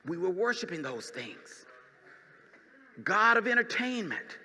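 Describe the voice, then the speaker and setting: High-voiced shouting pastor in reverberant church. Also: male voice, big pitch swings, a little slow, a little hiss or hum. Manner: swings from quiet teaching to shouted preaching. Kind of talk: sermon. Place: church sanctuary.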